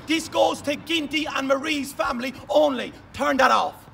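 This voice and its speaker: A man with a Manchester accent delivering an aggressive, taunting rant to camera, shouting insults. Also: very high-pitched, moderate pace, gravelly, faint music behind. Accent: Manchester English. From England. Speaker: video ranter. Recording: voice from a distance with faint noise.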